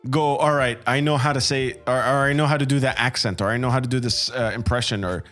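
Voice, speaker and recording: A man hosting a podcast in casual chat, halting and reading out listener questions. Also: mid-range voice, steady tone, fairly bright tone, faint music behind. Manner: halting, many fillers and restarts, reads chat questions. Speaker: podcast host.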